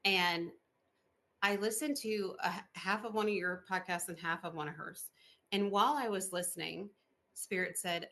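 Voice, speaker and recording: A woman podcast host chatting in an interview, expressive and full of fillers, laughing often as she tells stories. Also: lowish voice, normal speed. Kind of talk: casual interview chat.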